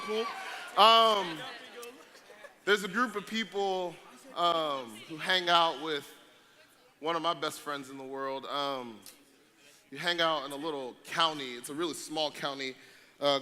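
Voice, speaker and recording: A young man, joking and hyping up a crowd as a youth event speaker. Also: sits high. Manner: playful, hype, joking with audience. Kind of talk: energetic stage talk to a crowd. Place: large event hall with audience. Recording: noisy live event recording.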